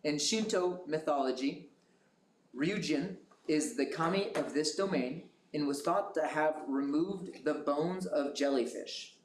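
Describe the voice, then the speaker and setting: A man moderating a school quiz bowl, reading questions slowly and carefully. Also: a little high. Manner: slow, measured question reading. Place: school classroom. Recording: echoey room with noise.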